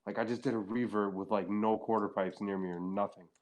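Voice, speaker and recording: A man's voice: lowish voice, fairly even intonation, brisk, a little mellow. A young man as a podcast guest, telling casual, rambling stories, swearing freely and saying "like" all the time. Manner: rambling, profane, heavy use of filler "like". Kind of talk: casual storytelling chat.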